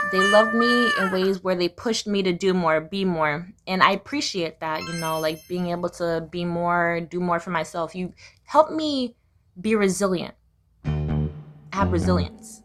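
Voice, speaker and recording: A young woman speaking candidly in a personal confessional vlog, raw and profane, firing off heated rhetorical questions. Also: on the low side. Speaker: vlogger. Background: music.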